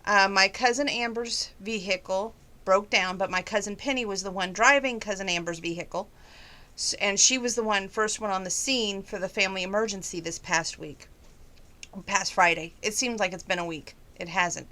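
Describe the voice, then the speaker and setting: Talking casually to her viewers at a moderate pace, a middle-aged woman shares a folksy personal update and tries not to get emotional. Her voice is medium in pitch with a sharp tone.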